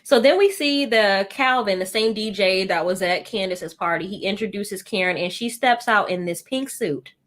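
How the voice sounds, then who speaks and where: A woman hosting a podcast, chatting casually and gossiping as she recaps a reality show episode. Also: medium pitch. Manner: animated, gossipy, quick asides. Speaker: podcast host.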